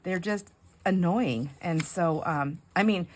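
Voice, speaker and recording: Speaking slowly in a lowish, slightly mellow voice, a middle-aged woman chats casually and rambles while crafting in her home video. She laughs often and sometimes whispers, and a little hiss or hum sits under the recording.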